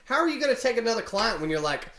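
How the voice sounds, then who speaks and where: A man's voice: very high-pitched, very animated, rapid-fire, fairly bright tone, slight background noise. A young man telling a story to camera in a rambling, casual way, full of fillers. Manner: rambling, filler-heavy retelling of a complaint. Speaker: vlogger. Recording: echoey room.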